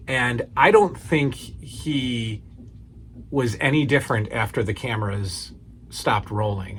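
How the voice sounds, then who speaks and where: A man's voice: medium pitch, a bit bright, a little hiss or hum. Rambling man chatting about his movies. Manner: rambling, with many fillers and restarts. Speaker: movie collection vlogger. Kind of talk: casual to-camera chat.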